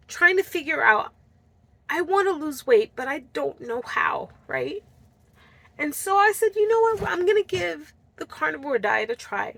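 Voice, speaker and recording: Woman vlogger, bright and a little high, earnest personal story, dry close sound. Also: vocal fry, no echo. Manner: earnest, heartfelt, addresses viewers as guys. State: tearful at times.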